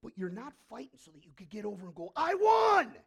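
Gravelly, animated male pastor preaching. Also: sits high, rapid-fire, highs cut off. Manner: animated preaching with sudden swings from hushed to loud. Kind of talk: sermon. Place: church.

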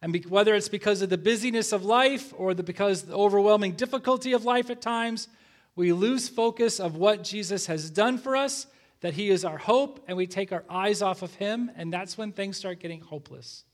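A middle-aged man preaching with earnest conviction in a fairly high voice. He moves between slow scripture readings and a casual personal story, always as a pastor addressing a congregation. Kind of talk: sermon.

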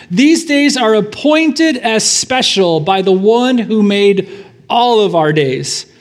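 A man pastor giving a sermon in a church, praying and then preaching in a conversational way with fillers and asides. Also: high voice.

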